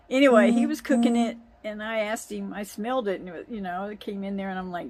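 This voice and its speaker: A woman's voice: mid-range voice, steady tone, brisk, few pauses, darkish tone, a little hiss or hum. A woman telling a family story in a chatty way, often breaking into laughter. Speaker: vlogger. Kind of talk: casual storytelling.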